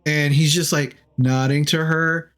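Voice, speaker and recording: A man's voice: fairly high pitch, steady tone, a little slow, fairly bright tone. A man narrating as game master of a tabletop game, rambling and using lots of fillers. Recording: faint music behind.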